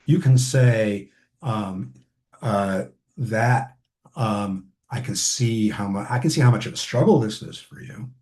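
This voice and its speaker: Male trainer, warm relaxed voice, casual lecturing with fillers and restarts. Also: on the low side, takes it slowly. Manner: conversational, many ums and restarts. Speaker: family therapy trainer.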